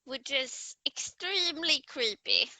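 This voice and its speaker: A woman's voice: high-pitched, animated, slow pace, pushed and bright, no room sound, poor audio. A woman co-hosting a true crime podcast, recounting facts in a matter-of-fact way. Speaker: podcast co-host.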